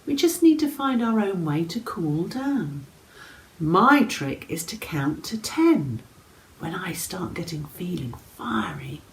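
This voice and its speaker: A woman voicing a patient mother dragon in a children's storybook reading, speaking softly, low and slowly. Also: sing-song, a little hiss or hum, heavily acted, rough recording. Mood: calm.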